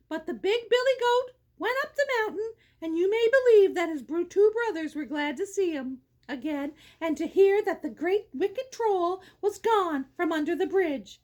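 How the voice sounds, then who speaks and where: A woman's voice: very high-pitched, expressive, measured pace. A woman from Canada reading a children's story aloud, wandering into jokey, rambling asides. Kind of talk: casual read-aloud storytelling.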